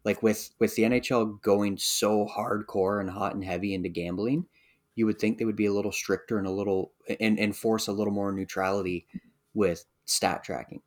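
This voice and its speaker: A man co-hosting a podcast talks in a fairly low voice and argues his point earnestly. He often restarts his sentences as he goes. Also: fairly even intonation, moderate pace. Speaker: podcast co-host. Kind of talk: casual hockey podcast chat.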